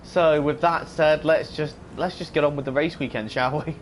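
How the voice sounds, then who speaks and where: A man's voice: on the high side, steady tone, moderate pace, slight background noise. A man hosting his own gaming video, with casual commentary full of crude jokes and banter. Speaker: gaming channel host.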